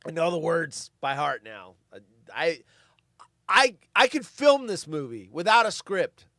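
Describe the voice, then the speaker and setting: A man's voice: on the high side, sing-song, slow, vocal fry, bright, forceful tone, no echo, studio quality. A man hosting a casual commentary, reading film trivia aloud and dropping offhand asides between the facts. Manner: reads facts, then adds offhand asides. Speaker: host reading movie trivia.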